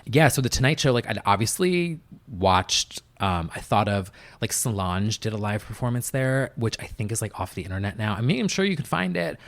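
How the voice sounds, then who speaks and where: A man's voice: lowish voice, big pitch swings, moderate pace, hardly any pauses. Chatty young man telling stories. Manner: chatty, filler-heavy storytelling with many "like"s. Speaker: podcast guest, music producer. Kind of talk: casual interview chat.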